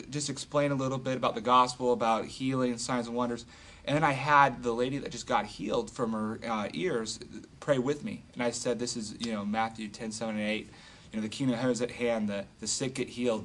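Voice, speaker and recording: A man casually retelling a healing story as an evangelist, animated and full of fillers. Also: mid-range voice. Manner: animated, filler-heavy retelling with acted quotes. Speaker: street evangelist telling a testimony.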